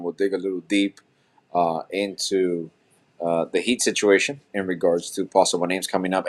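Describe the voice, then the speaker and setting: Low-voiced man giving relaxed sports takes. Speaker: podcast co-host. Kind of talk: casual chat.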